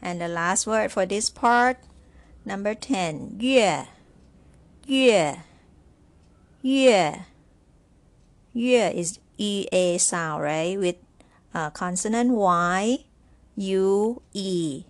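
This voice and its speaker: Give me a woman language teacher who speaks very slowly and repeats each word like a dictation test. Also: mid-range voice. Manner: spells pinyin letter by letter and repeats words. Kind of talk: slow, careful lesson dictation.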